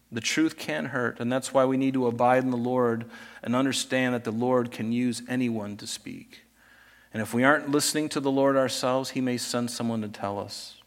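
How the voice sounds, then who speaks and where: A man's voice: medium pitch, a bit bright. A man preaching a sermon in a conversational style, acting out scripture scenes as he retells them. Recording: reverberant hall.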